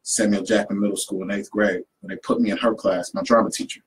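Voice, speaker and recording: Low-voiced man telling animated stories. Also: fast talker, a little hiss or hum, rough recording. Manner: animated storyteller who acts out quotes. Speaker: poet and youth program leader. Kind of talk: casual conversation, storytelling.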